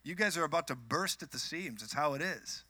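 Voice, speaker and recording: A man from Minnesota preaching a sermon, telling animated personal stories with joking asides to the congregation. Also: a little high, a little fast, dry recording. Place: church.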